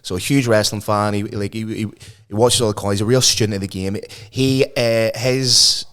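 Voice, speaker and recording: A man's voice: on the low side, fairly even intonation, moderate pace, a bit bright, clear, resonant tone. A tired man in his thirties with a Northern Irish accent, co-hosting a casual podcast chat, rambling, swearing and going off on tangents. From Northern Ireland. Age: 30s. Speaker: podcast co-host.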